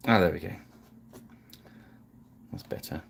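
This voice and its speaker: A man's voice: unhurried, slight background noise. A man hosting a live painting stream, chatting casually and apologizing with self-deprecating asides.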